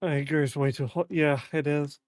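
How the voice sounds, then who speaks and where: On a live stream, a young man from Britain chats and rambles at a moderate pace, his voice on the high side and steady, with no echo. He swears a lot, uses plenty of fillers, and his voice cracks in the heat.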